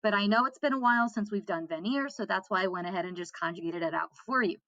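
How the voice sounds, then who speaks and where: A French teacher gives a grammar lesson to her class, patiently repeating key points and frequently checking in with "okay?" Her medium-pitched voice is quick and fairly bright, though the audio is dull and has no echo.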